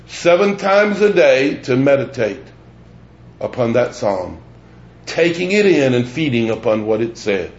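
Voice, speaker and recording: A man preaching a sermon as pastor, deliberate and emphatic, repeating phrases for weight. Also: medium pitch, darkish tone, roomy sound, lo-fi sound. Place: church sanctuary.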